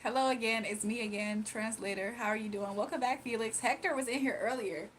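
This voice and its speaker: A woman's voice: a little high, fairly even intonation, fairly quick, a little hiss or hum. A woman hosting a casual livestream, chatting playfully with viewers, reading their comments and laughing often. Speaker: livestream host.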